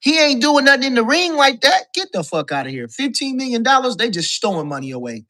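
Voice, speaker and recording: Man, bright forceful voice, call-in boxing guest, profane, emphatic, repeats himself. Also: extremely high pitch, sing-song, brisk. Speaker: guest caller, boxing commentator. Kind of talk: casual boxing talk rant.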